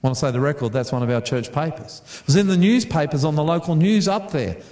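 Australian pastor telling a story. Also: male voice, on the high side, expressive, fast, a little mellow, roomy sound. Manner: chatty, repeats words, asks the audience questions. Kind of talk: storytelling sermon.

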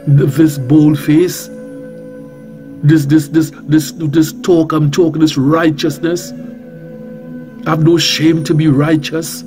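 A man's voice: on the high side, flat delivery, takes it slowly, pauses often, dark tone, soft background music. A man with a Trinidadian accent, a reverend preaching on talk radio, bold and emphatic, repeating phrases and firing rhetorical questions. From Trinidad and Tobago.

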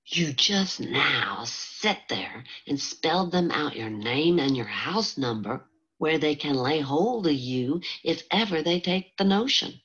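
Casting note: woman playing a dry, teasing older cook, slow drawl, low husky voice, lo-fi recording. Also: lively intonation, a bit bright, heavily acted. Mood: skeptical. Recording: dull lo-fi audiobook recording.

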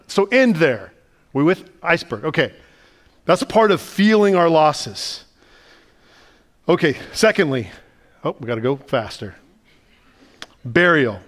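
A man, the pastor, preaching a sermon in a conversational, animated way and asking the listeners lots of questions. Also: on the high side. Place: church sanctuary.

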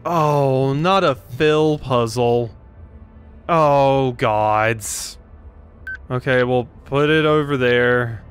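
A man's voice: mid-range voice, a bit bright. A man hosting a let's play, thinking aloud through a puzzle and poking fun at himself. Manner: self-deprecating, thinks aloud. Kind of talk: gaming commentary.

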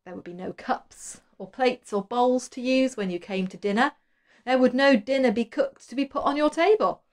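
A woman leading a school worship, asking children gentle questions. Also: fairly high pitch, normal speed. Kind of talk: children's collective worship talk.

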